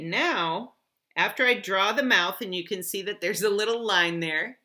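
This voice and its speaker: A woman teacher walking students through an app step by step, clear and encouraging. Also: lowish voice, bright, forceful tone.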